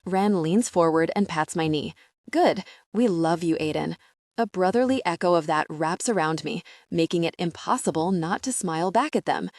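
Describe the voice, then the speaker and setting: A woman with a lowish voice reads a romance audiobook in first person. Her delivery is steady and even, and the recording is close and dry with no room sound. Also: moderate pace, hardly any pauses, no room sound. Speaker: audiobook narrator.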